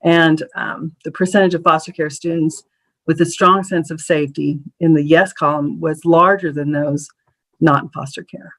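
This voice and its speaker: A presenter at an advisory council meeting, explaining survey data slide by slide in a measured way with frequent ums and small restarts. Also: medium pitch, fairly even intonation, fairly bright tone, poor audio.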